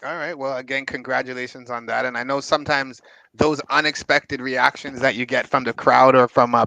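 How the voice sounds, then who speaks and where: Gravelly-voiced male interview host. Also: mid-range voice, fairly bright tone, dry recording, rough recording.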